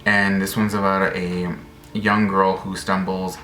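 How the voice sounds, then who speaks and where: A man casually chatting to camera about upcoming books, rambling and excited, full of fillers and restarts. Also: sits low, unhurried, soft background music. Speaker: book vlogger. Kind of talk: casual book chat to camera. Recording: echoey room, faint background noise.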